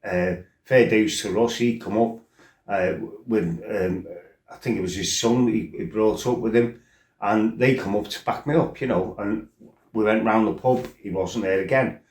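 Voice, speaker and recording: A middle-aged man with a somewhat low voice tells stories from his past in a blunt, rambling way, often stopping to check that the listener is following. His voice bounces around a roomy space, which gives it a noticeable echo. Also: normal speed, darkish tone. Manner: blunt and rambling, with frequent "you know" and "right?". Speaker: former kickboxer telling his life story. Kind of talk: casual spoken storytelling.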